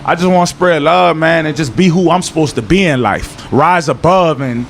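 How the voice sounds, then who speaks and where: A young man with a thick New Orleans accent talks loose and slangy in a casual outdoor interview. His voice sits a bit high for a man, and at times he slides into a low, earnest tone. There is a faint hiss of noise behind him. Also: moderate pace. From New Orleans, Louisiana. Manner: laid-back slangy talk, drops into a low earnest tone. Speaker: interview guest. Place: outdoors in Miami.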